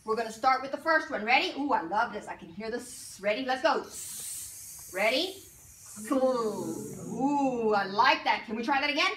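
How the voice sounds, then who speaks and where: High bright teacher voice in an echoey classroom. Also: female voice, lively intonation. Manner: drawn-out sounding of letters, coaxing questions. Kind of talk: classroom phonics lesson. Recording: roomy classroom from far off, faint noise.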